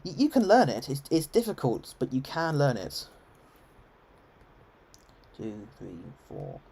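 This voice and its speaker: Casting: English RP man, mid-pitched, rambling streamer commentary, lots of ums. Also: wildly swooping pitch, a little slow, gravelly, dark tone, slight background noise. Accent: English, received pronunciation. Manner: chatty, rambling, many ums and restarts. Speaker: game streamer. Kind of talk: live gameplay commentary.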